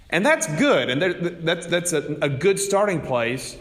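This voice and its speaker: A man's voice: on the high side, animated, moderate pace, few pauses, fairly bright tone. Preaching man in a reverberant hall. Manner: storytelling, earnest. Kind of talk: sermon.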